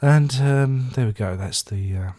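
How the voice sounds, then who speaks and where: A man's voice: mid-range voice, measured pace, warm tone. A man casually reviewing his record collection, rambling with dry self-mocking jokes. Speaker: album reviewer. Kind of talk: casual chat.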